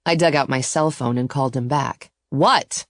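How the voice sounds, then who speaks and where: A woman narrating a first-person romance audiobook in a steady, intimate storytelling voice. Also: very deep voice, a little fast, no room sound, clean studio sound.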